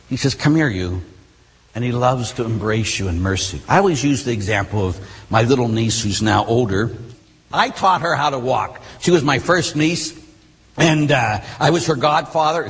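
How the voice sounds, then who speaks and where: Husky priest preaching in a reverberant church. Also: male voice, medium pitch. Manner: animated storytelling with conversational asides. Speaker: Catholic priest. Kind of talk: sermon. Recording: long hall reverb.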